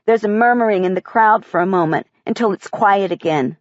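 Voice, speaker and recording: A woman reading a first-person audiobook in a measured, quiet way. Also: medium pitch, no echo, lo-fi sound. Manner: measured, quiet child's-eye telling. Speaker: audiobook narrator.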